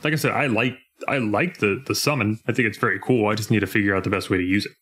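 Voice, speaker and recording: Young male podcast co-host, slightly low voice, lively, casual chat with quick mock voices. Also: slightly rough. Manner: animated, breaks into mock voices when retelling scenes.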